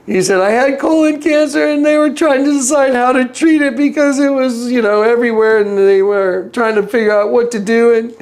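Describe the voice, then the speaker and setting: This man's voice is very high and darkish, and he talks fairly quickly with hardly any pauses. He's a guest in an interview, casually telling a story that wanders through asides and restarts, and he raises his voice to play other people's lines.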